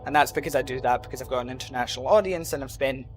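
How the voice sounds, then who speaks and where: A man's voice: mid-range voice, rapid-fire, soft background music. A man with a mild Glasgow Scottish accent telling a long story in a rambling, casual way, full of ums and you-knows. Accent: Glasgow Scottish, softened. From Scotland. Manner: rambling, lots of "um" and "you know". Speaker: gaming channel host. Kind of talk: casual storytelling over gameplay.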